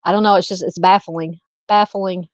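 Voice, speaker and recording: A woman from Arkansas with a Southern Arkansas accent, hosting a true crime live stream, thinking aloud in a halting way while she reads and answers viewer comments. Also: lowish voice, fairly even intonation, no room sound, muffled recording.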